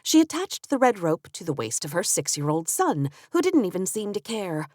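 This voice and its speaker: A woman's voice: mid-range voice, big pitch swings, moderate pace, a little mellow, no echo, clean studio sound. A woman narrating a lighthearted first-person mystery audiobook in a wry, understated way.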